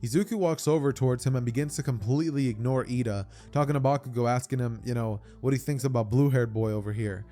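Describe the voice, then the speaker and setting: A man's voice: medium pitch, quick pace, hardly any pauses, mellow, soft background music. A young man casually telling a fan-fiction story, rambling with stammered repeats and many fillers.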